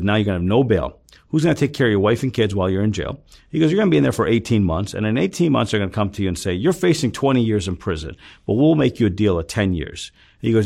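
Male interview guest, raspy low voice; intense storyteller who voices the other people in his tale. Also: a little mellow. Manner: retells scenes with quoted dialogue, swears freely; intense, emphatic when upset.

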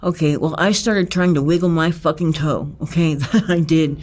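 A man recounting a personal ordeal in conversation, talking in an intense, profane and halting way, with many restarts and emphatic repetitions. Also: fairly high pitch, fairly even intonation, a little mellow. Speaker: interviewee.

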